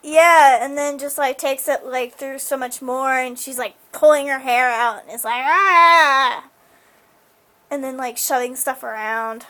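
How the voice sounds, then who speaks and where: A high-voiced woman talks through a TV episode in a loose, rambling recap. She fills her sentences with "like" and "um" as she goes. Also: steady tone, normal speed, hardly any pauses. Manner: chatty, full of fillers like "like" and "um". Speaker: show recapper.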